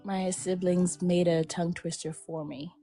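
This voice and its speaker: A woman co-hosting a casual live-stream chat, who speaks with halting restarts and laughs often. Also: on the low side, steady tone, dark tone, faint music behind.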